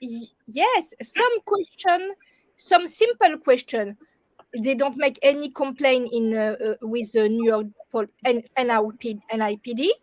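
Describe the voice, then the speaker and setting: A French-accented woman from France, a native French speaker talking slowly and carefully as a guest in a casual chat. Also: on the high side, no room sound. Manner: slow, careful speech with French greetings.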